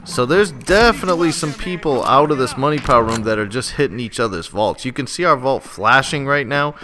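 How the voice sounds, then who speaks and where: A man giving gameplay commentary as a voice-over, excitable and swearing freely as he rants about the match. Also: medium pitch, a little fast. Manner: excitable, profane, frustrated ranting. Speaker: gaming channel host. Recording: noisy background.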